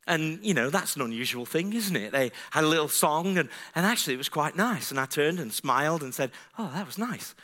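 A man's voice: a little high, expressive, a little fast, hardly any pauses, pushed and bright. A man preaching a sermon as a pastor, telling a story in a chatty, self-deprecating way and building to fervent emphasis.

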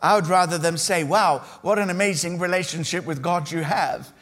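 A male pastor delivering a sermon to his congregation. His voice sits a touch higher than most men's, and he speaks in an earnest, emphatic way, leaning on key phrases and pausing between them. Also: a bit bright. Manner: earnest, emphatic preaching with measured pauses.

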